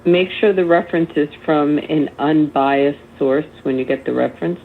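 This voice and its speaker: A man's voice: fairly high pitch, moderate pace, gravelly. A man in a political debate who keeps pressing the other side with challenging questions. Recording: tinny phone line with faint noise.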